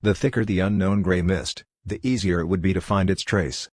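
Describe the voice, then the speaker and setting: A man voices a calm chief who speaks with quiet knowledge. The tone is very deep and measured, and the recording dry and close. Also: no echo. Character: calm older male chief, knowing.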